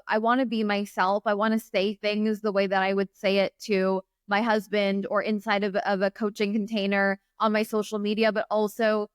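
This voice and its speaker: A woman's voice: mid-range voice, smooth, no room sound, studio quality. A woman guest on a podcast, a business mentor talking in an earnest, reflective way with lots of "like". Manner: reflective, earnest, filler-heavy with "like". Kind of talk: casual interview chat.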